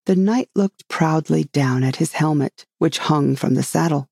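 A reader narrating a classic storybook in a steady, measured way. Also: medium pitch, creaky, slightly rough, dry recording, studio quality.

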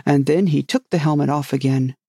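A reader voicing a solemn, rambling knight who loves his inventions, speaking gravely and earnestly in a storybook reading. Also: medium pitch, fairly even intonation, a little fast, warm tone, no room sound, studio quality.

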